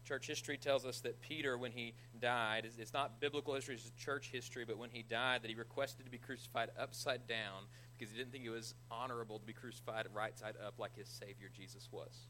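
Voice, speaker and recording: A man preaching a conversational sermon as a pastor, retelling scripture with animated energy and self-deprecating humor. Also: medium pitch, fast talker, hardly any pauses, a little hiss or hum, rough recording.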